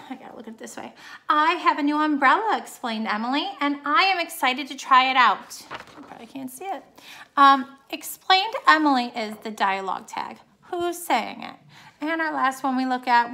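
A woman's voice: on the high side, bright, forceful tone. A woman teacher giving a recorded online grammar lesson, explaining patiently step by step.

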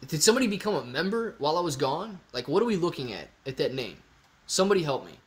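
Speaking fast with a fairly high pitch, a man hosts a casual livestream Q&A. He voices viewer comments, gets excited, reasons aloud and repeats himself.

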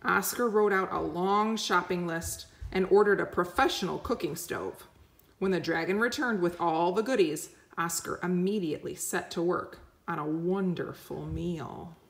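A woman reading a picture book aloud slowly and gently, explaining words for children. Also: on the low side, gravelly. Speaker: storyteller.

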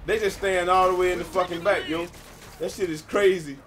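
A young man giving casual, profane gameplay commentary with a friend, excitable and breaking into sudden yells. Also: high voice, brisk. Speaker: gamer playing with a friend. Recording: game gunfire and explosions loud behind voice.

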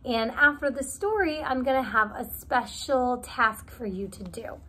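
A woman's voice: a little high, measured pace, pushed and bright. A woman hosting a children's story time, speaking cheerfully and directly to the kids. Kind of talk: reading aloud to children.

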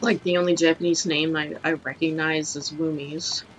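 A woman's voice: sits low, flat delivery, moderate pace, noisy background. Giggly, crude young woman gaming. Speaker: host. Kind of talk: casual gaming commentary.

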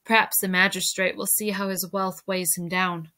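A wise older master painter speaks with calm, measured authority as a woman reads him aloud. The tone is bright in a storybook reading. He sounds dry and quietly scornful. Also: medium pitch, natural voice.

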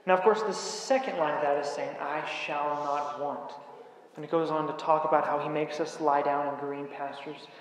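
A man preaching a sermon in a church, measured and emphatic, pausing on key words. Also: fairly high pitch, steady tone. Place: church sanctuary. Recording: very echoey church hall with faint hiss.

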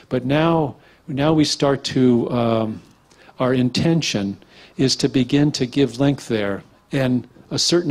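Loose-talking man giving a bodywork lecture, middle pitch, wanders off into stories and plays out what clients say. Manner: relaxed, rambling, acts out quotes. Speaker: structural integration teacher. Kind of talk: casual lecture with anecdotes.

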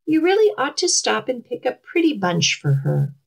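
A woman's voice: sits high, wildly swooping pitch, moderate pace, creaky, husky, voice pushed up, heavily acted. A woman doing a sly, honey-voiced big bad wolf. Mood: coaxing. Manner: honeyed, coaxing, snarls at the end.

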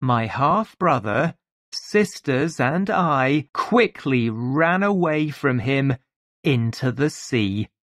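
Very slow lively storybook narrator. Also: medium pitch, dry recording, studio quality. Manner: very slow, clear, lively intonation. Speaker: audiobook narrator. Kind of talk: slow scripted narration for learners.

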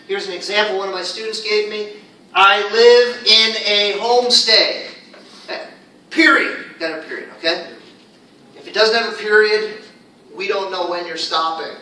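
A man teaching English in a casual, animated way, often checking in with "okay?". His voice comes from a distance in an echoey room. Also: sits high. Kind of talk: casual classroom explanation.

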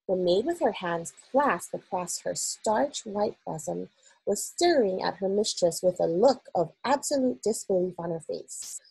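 A woman reading a children's novel aloud for school children in an expressive, unhurried storytelling manner. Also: medium pitch, vocal fry, husky, dry recording, poor audio.

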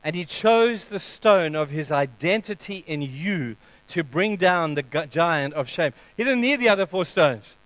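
A man preaches a sermon in a high, resonant voice. He punches key lines with sudden loud emphasis, then falls to a hushed tone. The sound is close and dry, with no room echo. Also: lively intonation, unhurried, few pauses. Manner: leads a closing prayer. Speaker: pastor.

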